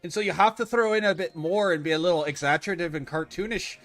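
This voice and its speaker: A man's voice: high-pitched, fast talker, a bit bright, faint music behind. A man streaming a game live, chatting casually with viewers, rambling and correcting himself as he goes. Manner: rambling, self-correcting, opinionated. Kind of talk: casual livestream chat.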